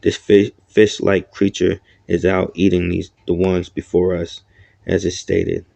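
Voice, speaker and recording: A man reading as a stern leader, deep and gravelly. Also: flat delivery, measured pace, warm tone, dry recording, full character voice. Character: stern young male leader of the group.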